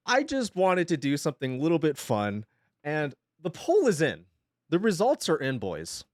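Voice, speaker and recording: A man's voice: medium pitch, darkish tone, no echo, clean studio sound. A young man chatting casually on a live stream from his home setup, rambling, swearing freely and laughing often.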